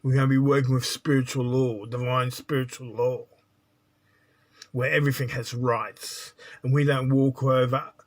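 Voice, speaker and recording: A man's voice: medium pitch, level tone, moderate pace. A man giving a spiritual monologue as a teacher, blunt and lecturing, often checking in with "right?".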